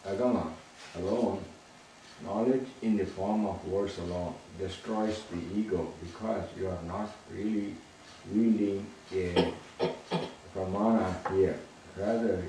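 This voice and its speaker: A deep-voiced man reads a text aloud slowly and with care. His tone is dark and mellow. He sits far from the mic in a very echoey room with faint ambient noise behind him. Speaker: student reading aloud.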